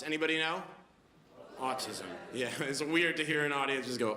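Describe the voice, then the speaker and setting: Man in his twenties, stand-up comedian, wry animated storytelling, live club stage, handheld mic, roomy echo, background noise. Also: medium pitch, brisk. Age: 20s.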